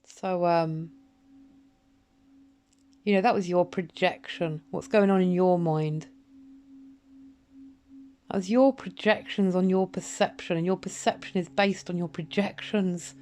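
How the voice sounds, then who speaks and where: A woman's voice: on the low side, fairly even intonation, unhurried, long pauses, darkish tone, a little hiss or hum. A woman speaking a bitter, confrontational, profane monologue straight to camera, addressing an absent person. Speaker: vlogger. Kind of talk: emotional direct-to-camera monologue.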